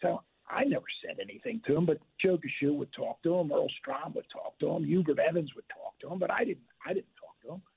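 A man's voice: on the high side, brisk, creaky, hardly any pauses, slightly rough. A middle-aged man from Pennsylvania, a longtime basketball referee, telling a story animatedly, with repeated restarts, over a phone line. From Delaware County, Pennsylvania.

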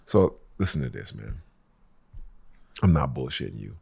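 A man with a very low voice spins a story on a casual podcast. He acts out every voice in his tale, laughs as he goes, and curses freely. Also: moderate pace, vocal fry, slightly rough. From Los Angeles local. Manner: animated storyteller who acts out quotes, swears freely. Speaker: podcast co-host.

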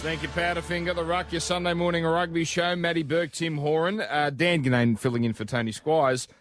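An Australian man hosting a Sunday radio sports show, relaxed and joking as he links segments. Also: on the high side, a little fast, soft background music. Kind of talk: casual radio chat.

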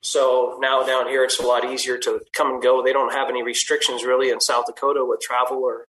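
A man's voice: medium pitch, level tone, a little fast, fairly bright tone, rough recording. A man, a hunting outfitter guest, talking easygoingly and rambling at length. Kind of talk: casual interview chat.

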